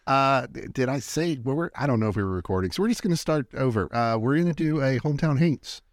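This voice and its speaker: A man's voice: mid-range voice, lively intonation, fast talker, dry recording, clean studio sound. A man hosting a casual podcast, easygoing and steering the chat toward the next story. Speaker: podcast host leading the segment.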